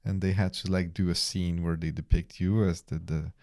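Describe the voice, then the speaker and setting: A man's voice: low-pitched, little pitch movement, moderate pace, a little mellow, no echo, studio quality. A man co-hosting a casual podcast, teasing his friend and laughing often. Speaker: podcast co-host.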